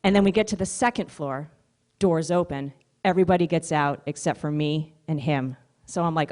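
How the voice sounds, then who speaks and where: A woman stand-up comedian telling stories on stage in a chatty, animated way. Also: low-pitched, moderate pace. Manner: conversational, animated storytelling. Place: stage at a live comedy showcase.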